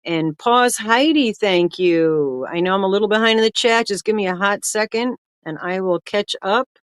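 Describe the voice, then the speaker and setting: A woman's voice: medium pitch, moderate pace, clear, resonant tone, no echo, clean studio sound. An older woman, hosting a casual livestream and chattily greeting viewers one by one by name. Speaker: livestream host.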